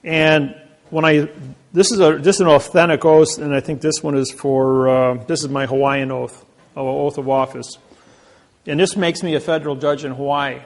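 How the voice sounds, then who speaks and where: Gravelly boastful man lecturing. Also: fairly high pitch, fairly even intonation, moderate pace. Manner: boastful, acts out quoted voices. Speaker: presenter. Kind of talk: storytelling lecture.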